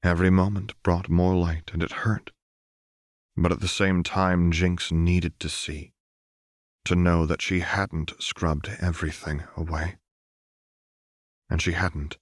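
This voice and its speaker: A man narrating fan fiction as an audiobook in a slow, measured, dramatic reading. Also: deep voice, flat delivery, dry recording, clean studio sound.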